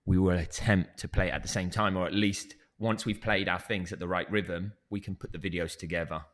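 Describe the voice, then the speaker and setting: Low-voiced man boasting jokingly. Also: steady tone, a little fast, fairly bright tone. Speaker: co-host. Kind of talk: casual banter.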